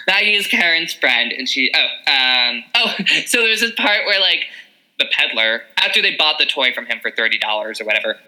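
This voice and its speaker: A young woman co-hosting a podcast in casual chat, animated and quick to laugh, full of filler words. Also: very deep voice, rough recording. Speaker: podcast co-host.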